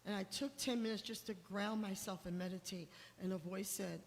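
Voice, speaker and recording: A middle-aged woman tells a heartfelt personal story to a congregation. Her voice rises with feeling as she quotes her own past words. Her mid-pitched voice rings with a long reverb from the hall around her. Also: fairly even intonation, moderate pace. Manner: emotional storytelling, voice rising when quoting herself. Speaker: guest speaker sharing testimony. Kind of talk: personal testimony talk. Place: church hall.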